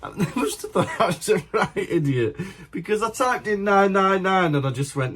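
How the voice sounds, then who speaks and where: A man's voice: sits high, normal speed. A young man telling a funny anecdote on a podcast, often laughing as he talks. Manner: animated anecdote-telling, laughs through his story. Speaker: podcast co-host. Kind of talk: casual storytelling chat.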